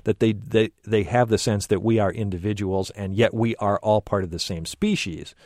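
A man's voice: on the low side, steady tone, a little mellow, no echo, clean studio sound. A man hosting a radio call-in show, speaking thoughtfully with many restarts. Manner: thoughtful, halting, rephrases himself.

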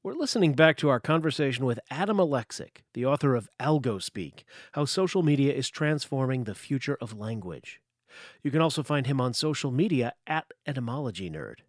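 A man's voice: medium pitch, animated, a little fast, dry recording, studio quality. A man hosting a public radio interview, asking questions conversationally and sometimes searching for words. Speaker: radio host.

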